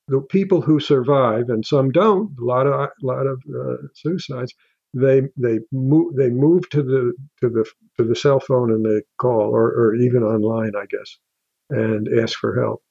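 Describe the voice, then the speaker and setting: An older man talks in a mellow, soft-edged voice, stopping and restarting his sentences as he goes. The sound is dry and slightly dull. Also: medium pitch, creaky, slightly rough, no room sound. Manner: halting, with many restarts and fillers. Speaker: guest author. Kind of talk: casual interview talk.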